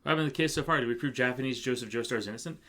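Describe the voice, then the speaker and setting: A man's voice: mid-range voice, rapid-fire, fairly bright tone. A man streaming a game, chatting casually with viewers and reading dialogue aloud in a joking way.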